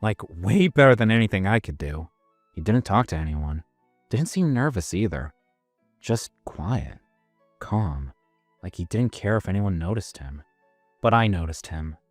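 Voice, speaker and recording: A man's voice: deep voice, animated, a little slow, no room sound, faint music behind. A man narrating a story in the first person, in a casual, self-mocking manner.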